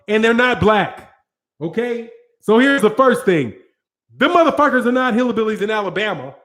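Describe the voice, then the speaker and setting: A man's voice: high voice, lively intonation, moderate pace, a bit bright. An American man hosting a boxing channel, ranting in a casual, profane, slangy way with plenty of rambling and restarts. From United States.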